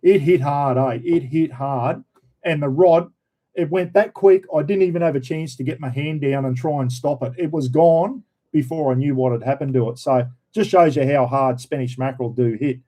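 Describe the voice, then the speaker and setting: Australian man, casual live-stream host, mellow warm voice, slightly high pitch, reads comments aloud. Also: normal speed. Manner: laid-back, chatty, reads viewer comments aloud.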